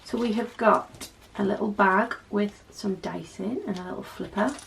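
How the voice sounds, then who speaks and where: A woman's voice: medium pitch, fairly even intonation, moderate pace, gravelly, slight background noise. A woman in her twenties with a North East English accent, chatting casually to her viewers with wry asides. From North East England. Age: 20s. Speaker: channel host. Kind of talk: casual chatty vlog unboxing.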